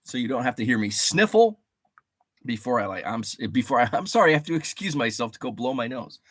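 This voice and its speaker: Hosting a casual livestream from his home studio, a man talks fast and rambles animatedly, his pitch swinging widely as he reads out names from the chat and greets viewers. Allergies make him sound a little stuffy, and the mic gives a close, dry sound without room echo.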